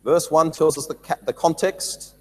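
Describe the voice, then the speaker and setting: A man teaching a Bible study, reading scripture aloud and explaining it with lively emphasis and repeated words. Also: fairly high pitch, normal speed, long reverb tail.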